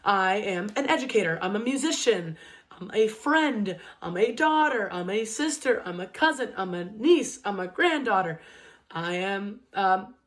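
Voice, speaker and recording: A woman's voice: mid-range voice, expressive. A woman in her twenties giving a casual motivational talk, conversational, often checking in with "okay?" and "right?" and restarting her sentences. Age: 20s. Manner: restarts sentences and uses many fillers, pace swings between quick and slow. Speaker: educator and motivational speaker.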